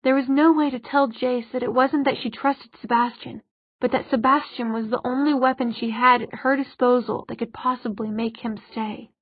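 Female audiobook narrator, slightly high and husky, close dry mic, dull lo-fi audio. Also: steady tone, moderate pace, dry recording.

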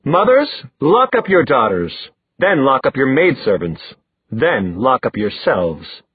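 Man doing an awkward young guy, good-humored, husky, lively pitch, dry phone-like sound. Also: slow pace, no echo, heavily acted. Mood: mock-gravelly. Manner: awkward, joking.

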